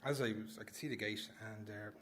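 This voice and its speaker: Male storyteller, bright tone, self-deprecating comic delivery, live venue with faint noise. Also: fairly low pitch, fairly even intonation, fast. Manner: rambling, self-mocking, laughs through lines. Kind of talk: live story slam performance. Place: small live venue indoors.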